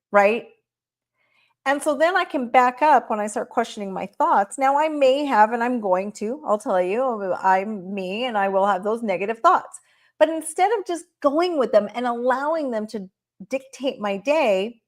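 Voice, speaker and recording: A woman presenting a workplace training talk, guiding listeners step by step through questions and often checking in with "right?". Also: a little high. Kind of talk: presentation on managing staff. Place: recorded talk shared online.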